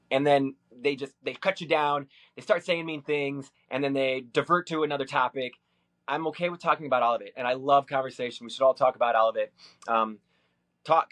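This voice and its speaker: A man's voice: on the high side, fairly bright tone. A man from Minnesota, talking hesitantly with many fillers and restarts as he recounts his day in a personal vlog. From Minnesota, USA. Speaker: vlogger.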